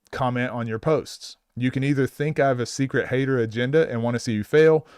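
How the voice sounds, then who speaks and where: Blunt, exasperated coach in a dry room. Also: male voice, medium pitch, a little mellow, clear, resonant tone, dry recording. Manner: blunt, exasperated, talks in restarts. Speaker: basketball coach. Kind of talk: live commentary breakdown.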